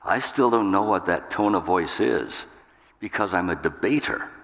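A man's voice: expressive, normal speed, creaky, a bit bright. A man preaching a sermon to a church congregation, talking emphatically and with humor. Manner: emphatic, jumps up in pitch for acted outbursts. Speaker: pastor. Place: church sanctuary. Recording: long hall reverb.

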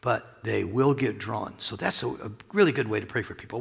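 A man's voice: fairly low pitch, expressive, a little fast, creaky, few pauses, husky. A man preaching a sermon as pastor, talking in a loose, conversational way with chuckles and asides, recorded in a church sanctuary. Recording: long reverb of a large hall.

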